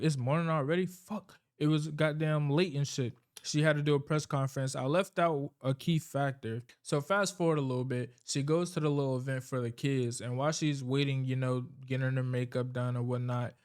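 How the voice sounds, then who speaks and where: A man with a smooth, mid-range voice casually recaps a horror movie's plot, telling it loosely, rambling, and swearing freely as he goes.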